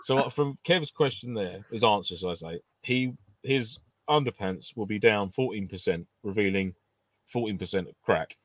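A man's voice: on the low side, moderate pace, no echo. A man co-hosting a podcast, chatting casually, swearing and joking often. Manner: sweary, jokey, laughs often. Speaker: podcast co-host. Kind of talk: casual banter.

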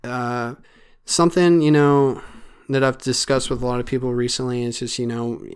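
Earnest man, smooth solo podcast talk. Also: medium pitch, little pitch movement, moderate pace. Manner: earnest, rambling, with frequent fillers. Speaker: podcast host.

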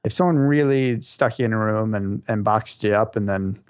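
A man's voice: on the low side, normal speed, clear, resonant tone. A man co-hosting a casual podcast, rambling with lots of fillers and laughs. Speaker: podcast co-host. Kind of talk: casual chat.

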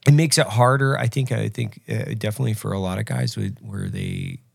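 A man hosts the show with a heavily gravelly, low voice and asks his questions in a relaxed, casual way. The mic is close and dry. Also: a little fast, dry recording. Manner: gravelly, short affirmations. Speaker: podcast host.

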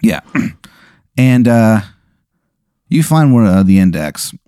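A man hosting a podcast, spinning an improvised comic story in a loose, animated way, full of "like" and swearing. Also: lowish voice, takes it slowly, clear, resonant tone, dry recording, studio quality. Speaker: podcast host.

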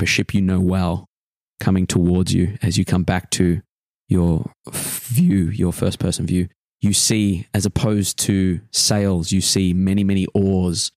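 A man narrating as game master of a tabletop game, describing a dream slowly with pauses. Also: sits low, darkish tone, dry recording.

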